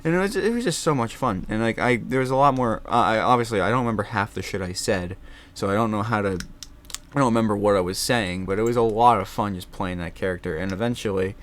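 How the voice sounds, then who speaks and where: A young man talking casually on his vlog, animated and swearing freely, laughing often. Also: on the low side, fast talker. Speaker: vlogger. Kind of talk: casual chat.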